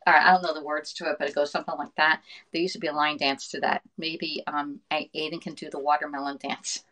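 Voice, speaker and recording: A chatty middle-aged woman hosts a casual cooking livestream, talking quickly and laughing between comments. Her voice sits on the lower side for a woman. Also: little pitch movement, bright, forceful tone, rough recording. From northern United States. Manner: chatty, fast-talking, laughs often, reads comments aloud.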